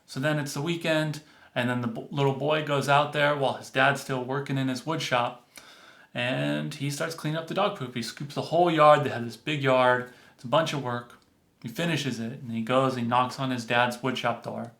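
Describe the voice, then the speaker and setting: A man casually telling a story in a relaxed, conversational way. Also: medium pitch, moderate pace, gravelly. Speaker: storyteller, energy-work reader. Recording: roomy echo.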